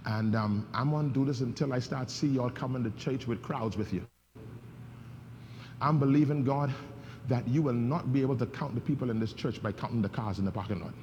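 A man's voice: medium pitch, brisk, a little mellow, dull audio. A male pastor preaching a sermon, leading his congregation in call-and-response. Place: church sanctuary. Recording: long reverb in a church hall, faint background noise.

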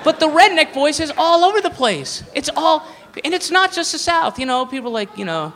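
A profane, rambling stand-up comedian from the American South works a live room. His voice is high and bright, and it carries a long hall reverb with faint background noise. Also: big pitch swings, moderate pace.

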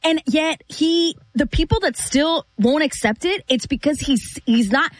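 A woman's voice: high-pitched, a little slow, no echo. A woman co-hosting a casual sports talk show, conversational and thinking aloud as she makes her point.

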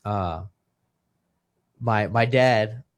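A man's voice: lowish voice, drawn-out words. A man in his thirties from Texas, a guest telling a personal story with feeling and acting out the lines of the people in it. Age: 30s. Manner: heartfelt, acts out quoted dialogue. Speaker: guest, retired boxer.

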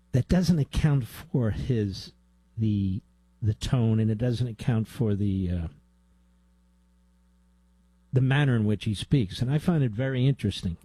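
An indignant male talk radio host with a dark, mellow tone. His voice is close and dry, with no room sound, and his pitch climbs as he presses each point. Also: husky, no echo. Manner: indignant, emphatic, rises in pitch when heated.

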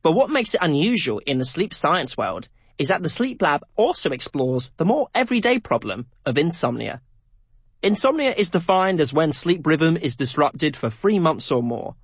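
Husky lively male documentary presenter. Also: fairly high pitch, dry recording. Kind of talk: scripted documentary narration.

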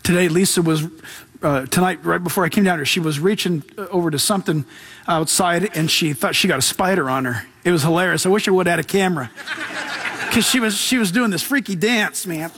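High-voiced man preaching a lively sermon. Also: brisk, breathy edge. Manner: casual, animated preaching with slang and laughs. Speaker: pastor.

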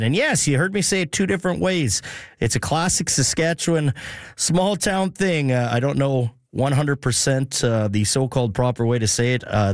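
A man's voice: medium pitch, dry recording, clean studio sound. A man hosting a radio show, talking casually and chatting with frequent fillers. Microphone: studio microphone.

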